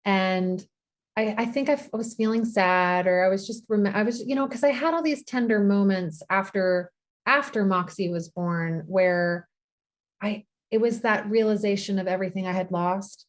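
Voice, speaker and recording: A woman's voice: medium pitch, normal speed. A woman in her thirties, a podcast guest, telling a personal story tenderly. She often stops and restarts her sentences and repeats words. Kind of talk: emotional podcast conversation.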